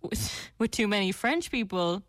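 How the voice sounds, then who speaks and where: A woman's voice: medium pitch, fairly quick, dry recording. An Irish woman co-hosting a radio show, telling stories and laughing at herself. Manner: laughing, self-mocking storyteller. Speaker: radio co-host. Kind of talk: casual radio banter.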